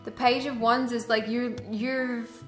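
Bright-voiced woman giving a chatty card reading. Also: fairly high pitch, flat delivery, slow. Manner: chatty, earnest, heavy use of "like". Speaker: tarot and angel card reader. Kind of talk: casual spiritual guidance vlog. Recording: echoey room with faint background music.

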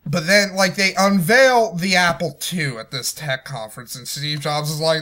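A young man reviewing a movie in an angry, profane rant, swinging from low muttering to shouted outbursts. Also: normal speed, few pauses.

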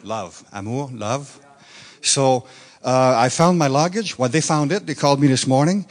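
A man from Quebec preaches in English, his native French showing through a Quebec French accent. His sermon is loose and conversational, with playful asides to the crowd and sudden rises of enthusiasm. His voice sits at a middle pitch for a man. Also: moderate pace. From Quebec, Canada. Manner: chatty, joking asides, bursts of enthusiasm. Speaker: guest minister. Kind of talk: informal sermon. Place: church meeting on stage.

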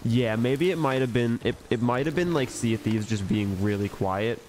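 A man's voice: mid-range voice, normal speed, a little mellow, slight background noise. A man giving casual gameplay commentary, joking and rambling to himself as he plays. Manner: joking, rambling self-talk. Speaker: gaming video host.

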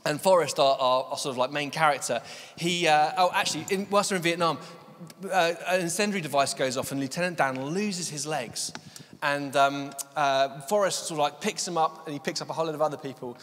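A male preacher giving a sermon, telling a story with many fillers and slowing down to stress his key points. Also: a little high, a bit bright, long reverb tail. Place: church hall.

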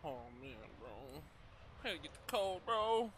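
Gamer, male, fairly high, swearing through horror scares; heavy background noise. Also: expressive, normal speed. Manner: jumpy, swearing, exclaiming at scares. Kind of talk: horror game play-through commentary.

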